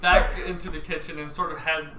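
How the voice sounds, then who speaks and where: Guy dm-ing a tabletop game, high voice, echoey noisy room, kinda far from the mic. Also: fairly quick. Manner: relaxed narration with many ums and uhs. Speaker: dungeon master.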